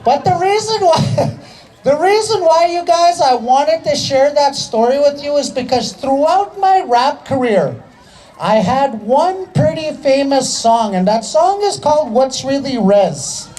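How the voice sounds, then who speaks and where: High-voiced man doing stand-up, "eh". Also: animated, unhurried, a little mellow, low-quality recording. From Canada. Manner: chatty, tags lines with "eh", hypes the crowd. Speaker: stand-up comedian and rapper. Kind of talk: stand-up storytelling.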